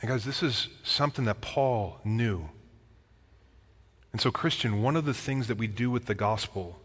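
A man preaching a sermon in a conversational way, asking his listeners direct questions and sometimes dropping to a quiet voice for a personal story. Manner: drops into a quiet, low voice when telling a personal story. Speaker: pastor. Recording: long reverb of a large hall.

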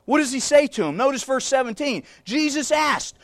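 A man's voice: very high voice, expressive, normal speed, dry recording, studio quality. A man preaching a sermon, reading scripture and repeating key phrases with emphasis as he addresses the congregation as folks.

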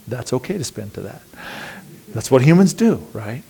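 A man's voice: mid-range voice, normal speed, vocal fry, husky. A man preaching a sermon in a casual, conversational way, often acting out the anxious thoughts of his listeners. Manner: conversational and animated, acting out inner voices. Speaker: pastor.

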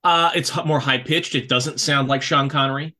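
Bright-voiced jokey podcast guy. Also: mid-range voice, fairly even intonation, moderate pace. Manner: jokey, rambling asides. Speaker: podcast co-host. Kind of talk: casual podcast chat.

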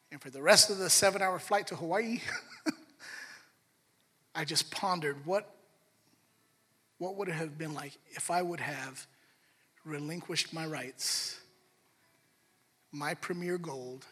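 A high, bright man preaches in a lively storytelling sermon, slipping into voices for each character. His voice has a husky edge. It rings with a long reverb through a large hall. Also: slow, pauses often. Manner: animated, acts out voices in dialogue. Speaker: pastor.

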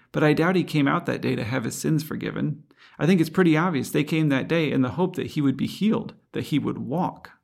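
A man's voice: on the high side, gravelly, slightly rough. A man preaching a sermon in an earnest, reflective way, asking rhetorical questions.

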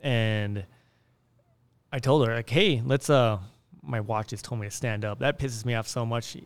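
A man's voice: medium pitch, measured pace, clear, resonant tone, no room sound. A man hosting a podcast in casual chat, rambling and often restarting his sentences into a studio mic. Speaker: podcast host.

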